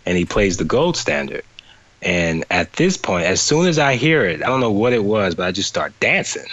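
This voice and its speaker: A man from New Orleans, a guest in an interview, telling a story in lively detail over a remote call that cuts out. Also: fairly low pitch, moderate pace, no echo, muffled recording. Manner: animated retelling with quoted voices and laughter. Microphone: remote call, cutting out.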